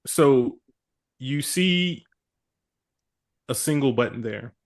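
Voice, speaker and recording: A man acts as game master for a tabletop game and describes each scene in a relaxed, rambling way. His voice sits at an ordinary middle pitch. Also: slow pace.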